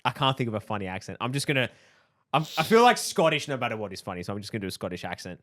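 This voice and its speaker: A man's voice: on the low side, big pitch swings, very fast, a bit bright, no room sound, studio quality. A man, laughing often as he co-hosts a casual podcast chat. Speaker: podcast co-host.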